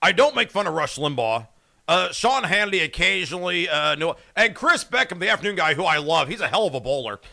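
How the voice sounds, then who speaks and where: A man hosting a morning radio show, excitable and jokey with rapid asides. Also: fairly high pitch, vocal fry. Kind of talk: casual radio chat.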